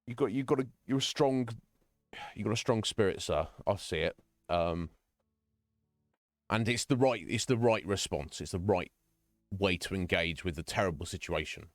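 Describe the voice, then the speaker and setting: A man's voice: deep voice, expressive, normal speed, pauses often, no echo. A man chatting casually with his viewers while streaming a game, talking earnestly and rambling with many restarts. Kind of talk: casual chat. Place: home streaming room.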